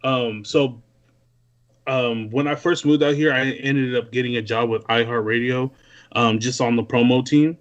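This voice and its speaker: A laid-back man from Newark, California, calls into a podcast and tells his stories in relaxed, slangy talk. His voice sits at an ordinary pitch. The call-in audio comes through a little muffled and lo-fi. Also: normal speed. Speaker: guest music producer. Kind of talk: casual podcast chat. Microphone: remote call-in.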